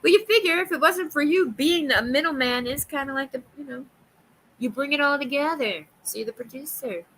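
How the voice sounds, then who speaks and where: A woman with a New York accent hosts a casual livestream, her high voice quick and a touch bright. She giggles, rambles, hops from topic to topic, and slips into silly voices. The recording is low quality, with a faint hiss or hum.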